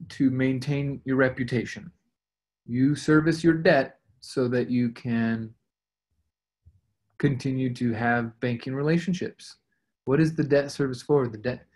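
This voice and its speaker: A man's voice: medium pitch, a little mellow. A man leading a team call as a real estate investing coach, talking conversationally and acting out sample conversations. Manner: conversational, acts out sample dialogues.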